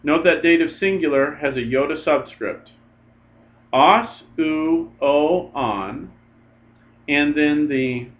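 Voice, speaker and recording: A male teacher giving a recorded grammar lecture, patiently drilling word forms aloud in lists. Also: on the high side. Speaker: Greek teacher. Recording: slightly dull lo-fi recording.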